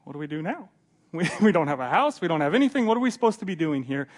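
A man's voice: a little high, sing-song, fast talker. A man doing an anxious, pleading couple.

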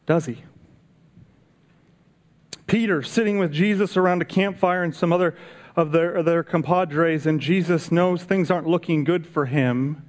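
A man's voice: a little high, unhurried. A man preaching a sermon in a conversational way, asking the congregation rhetorical questions. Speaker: pastor. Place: church service.

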